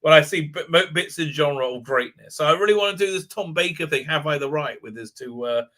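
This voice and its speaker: High bright animated man. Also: brisk. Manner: animated storytelling, many fillers and repeats. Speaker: livestream host. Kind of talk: rambling live-stream chat.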